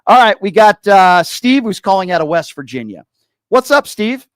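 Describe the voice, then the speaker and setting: A man's voice: high-pitched, clean tone, no echo. Opinionated male radio host, dry studio. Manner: lively, opinionated, talks fast at times. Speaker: radio talk show host. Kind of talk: call-in radio talk.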